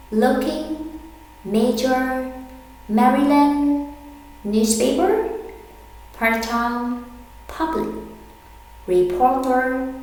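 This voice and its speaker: A woman teaching an English lesson, slow and deliberate, repeating words for her learners. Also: sits high, darkish tone. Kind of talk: language lesson. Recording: echoey hall with faint hum.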